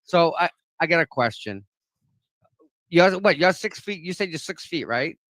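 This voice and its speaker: A man's voice: a little high, expressive, normal speed, fairly bright tone, dry recording. A man with a Boston accent, co-hosting a casual chat and making blunt, emphatic points. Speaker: co-host.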